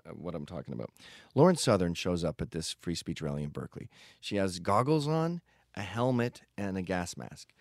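Low-voiced guy rambling on his podcast, swears a lot, dry sound. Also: no room sound. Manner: blunt, profane, digressive. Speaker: podcast host. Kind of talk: casual monologue.

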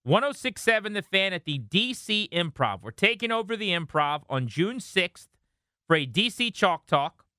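A man's voice: high voice, sing-song, moderate pace, sharp tone, smooth, no echo, clean studio sound. A male sports radio host with a polished, upbeat presenter manner, interviewing a guest and promoting the show.

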